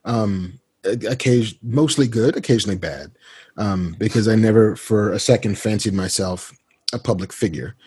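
A man guest on a podcast, telling casual anecdotes in a laid-back, self-deprecating way and acting out a friend's lines in a higher voice. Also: moderate pace, darkish tone, husky. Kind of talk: casual interview storytelling.

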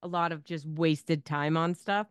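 Casual female co-host, smooth voice, dry close mic, salty and sarcastic. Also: deep voice, a little slow, no room sound. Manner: swears a lot, animated and sarcastic. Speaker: podcast co-host. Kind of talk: casual chat.

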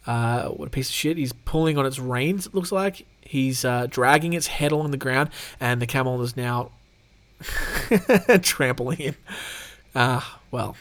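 A man's voice: medium pitch, a little slow, a bit bright. A man hosting his own show, reading out animal news stories with casual, irreverent jokes. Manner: irreverent, jokey, laughs often. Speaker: show host.

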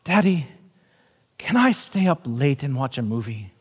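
A man's voice: mid-range voice, big pitch swings, unhurried, slightly rough, pitched below the performer's own voice. A male pastor acting out his hesitant ten-year-old daughter, who dithers and wheedles for a favor. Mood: hesitant wheedling. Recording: long hall reverb.

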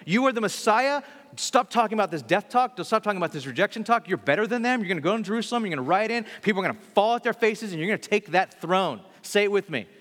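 A man's voice: sits high, expressive, quick pace, a bit bright, voice pushed up. A man voicing a brash, overconfident male disciple who talks in a casual, slangy, insistent way. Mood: pushy, rallying. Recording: long hall reverb.

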